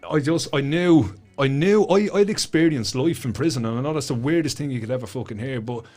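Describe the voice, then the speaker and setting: A man's voice: mid-range voice, a little fast, darkish tone. An Irish man in his middle years, a guest on a chat podcast, telling his story with passion, swearing freely and repeating words as his feelings rise.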